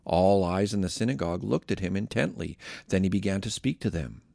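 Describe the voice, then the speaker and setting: A man reading scripture aloud in a measured, expressive way, then giving a casual devotional comment on a close mic. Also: low-pitched, gravelly, no room sound. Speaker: Bible reader and podcast host.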